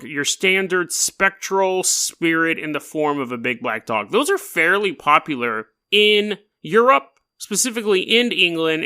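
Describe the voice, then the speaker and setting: Male podcast host, casual joking storyteller, bright and very lively delivery. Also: fairly high pitch. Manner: animated, joking and rambling.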